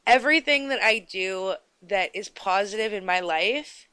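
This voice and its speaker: A woman's voice: medium pitch, expressive, measured pace, sharp tone, smooth, no room sound. A woman hosting her own radio show, chatting in a bubbly, rambling way into a close studio mic. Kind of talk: casual radio chat.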